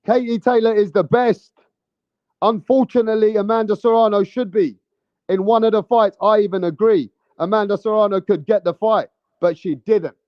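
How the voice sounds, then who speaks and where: A man's voice: high voice, fairly even intonation, normal speed, dry recording, muffled recording. A man giving casual vlog commentary on boxing, with a brash, profane, heated ranting manner.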